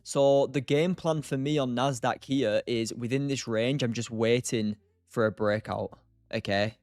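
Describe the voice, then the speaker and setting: A man's voice: medium pitch, unhurried, darkish tone, dry recording, clean studio sound. A young man from England hosting a live trading stream, chatting casually, answering chat by name and laughing often. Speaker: livestream day trader host.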